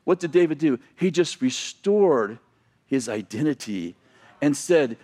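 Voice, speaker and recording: A man's voice: mid-range voice, animated, measured pace, darkish tone. A middle-aged man from the United States preaching a sermon in a church, telling a story and acting out the people in it, with self-deprecating humor. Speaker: pastor.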